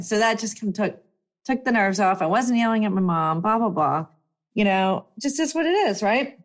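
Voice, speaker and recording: A woman telling a personal story in a chatty, emphatic way, her voice jumping up when excited. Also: normal speed. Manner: chatty, animated, emphatic with swings up in pitch. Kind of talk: casual storytelling monologue.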